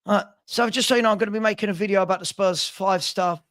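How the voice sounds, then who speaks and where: A man with a fairly high voice chats on a casual football live stream. He gets worked up and exasperated, repeating himself and restarting sentences as he goes. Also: fast talker, a bit bright. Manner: exasperated, repetitive, stumbling restarts. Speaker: football channel host.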